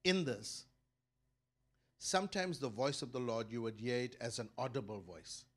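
A middle-aged pastor preaching in a mid-pitched voice that surges loud and rises on his main points, then falls back to a low murmur. He repeats words as he builds each thought, in an emphatic sermon style. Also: normal speed. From South Africa.

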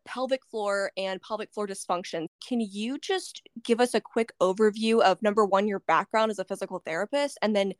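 A young woman hosting a casual interview, bubbly and quick to laugh, acting out little quotes in her stories. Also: mid-range voice, no echo, clean studio sound. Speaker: podcast host.

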